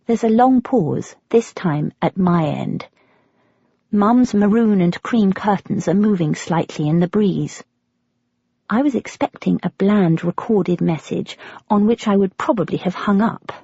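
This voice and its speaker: Breathy British woman reading an audiobook. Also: medium pitch, dry recording, dull audio. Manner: expressive, with breathless, flustered quoted speech. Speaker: audiobook narrator. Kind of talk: first-person audiobook narration.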